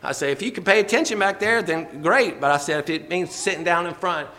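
High, bright-voiced folksy preacher man. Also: a little fast, big-room sound. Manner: folksy, laughing often, quoting scripture in old-fashioned wording. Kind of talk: sermon.

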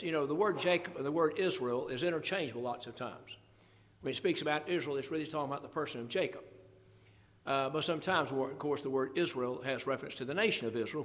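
A man's voice: medium pitch, long reverb tail. An older man preaching a sermon, expounding scripture in an earnest, folksy way. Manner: earnest Bible exposition, folksy asides, quoting scripture.

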